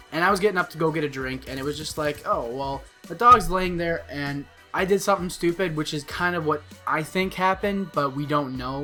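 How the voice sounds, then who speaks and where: A young man telling a personal story to his viewers in a casual, animated way, swearing often and restarting sentences. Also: fairly high pitch. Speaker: vlogger.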